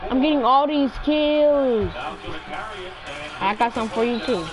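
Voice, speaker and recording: A woman chatting casually while playing an online game, teasing a teammate over and over and yelling now and then. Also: high voice, slow pace. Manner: taunting, repetitive teasing; loud, yelling outbursts. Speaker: gamer. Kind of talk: casual gaming chat.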